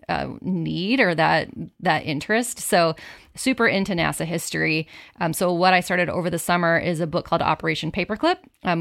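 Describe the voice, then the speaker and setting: Young woman, Chicago accent, low gravelly voice, chatty interview guest. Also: a bit bright, no room sound, studio quality. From Naperville, Illinois. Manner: chatty, repeats words as she talks. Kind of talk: casual interview chat.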